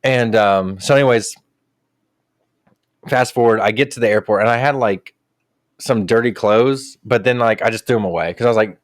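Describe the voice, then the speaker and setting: A man's voice: fairly low pitch, normal speed, long pauses. A young man tells a story in casual podcast chat, swearing often and acting out what each person said. The sound is dry and close, with no room echo. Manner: profane, animated retelling with quoted voices. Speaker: podcast co-host.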